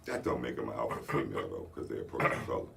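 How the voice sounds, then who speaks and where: Male co-host, casual chat, very low gravelly voice, laid-back delivery. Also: rapid-fire, fairly bright tone. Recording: distant mic, faint room noise.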